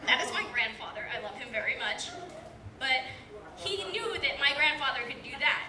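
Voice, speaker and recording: A woman's voice: high voice, lively intonation, normal speed, crowd noise. An eighteen-year-old woman telling a rambling, self-deprecating story at a stand-up open mic, full of filler words. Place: small comedy club, live audience. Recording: distant, echoey club room with background noise.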